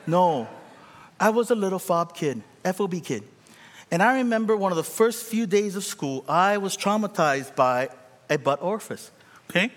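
A young adult man from Korea preaching a sermon, telling a story and calling out to the congregation. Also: sits high. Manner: animated, calls out to the congregation. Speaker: pastor. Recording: long hall reverb.

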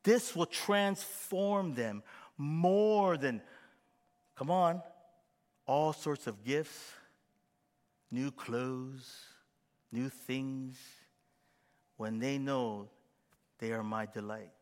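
A middle-aged man preaching a sermon as pastor, animated and acting out quoted voices with gasps. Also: medium pitch, extremely slow, long pauses, in a large hall.

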